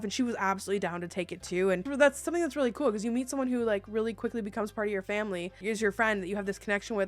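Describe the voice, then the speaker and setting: A woman in her thirties chatting casually as a vlogger, telling stories in a bubbly, animated way with excited outbursts. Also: on the high side. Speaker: YouTuber answering viewer questions. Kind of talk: casual chat.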